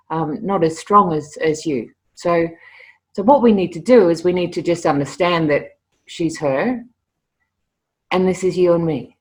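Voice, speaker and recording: A middle-aged woman, a guest telling stories in a casual interview, lively and often repeating words as she starts a sentence. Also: fairly low pitch. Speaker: interview guest, animal communicator.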